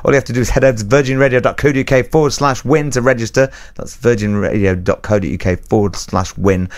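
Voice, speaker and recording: A man's voice: mid-range voice, steady tone, fast talker. A man hosting a radio show, chatting casually in a studio with a playful, jokey, rambling manner. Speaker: radio host. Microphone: studio microphone.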